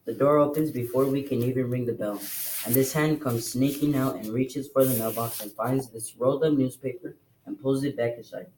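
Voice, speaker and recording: A man reading a novel aloud to a class in a plain, steady storytelling voice. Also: medium pitch, fairly quick, slight background noise, low-quality recording. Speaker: reader.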